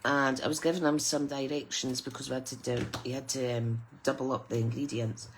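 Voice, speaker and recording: A woman's voice: extremely low pitch, little pitch movement, brisk, slight background noise. A middle-aged British woman demonstrating papercraft in a live tutorial, chatty and soothing in a story-time teaching tone.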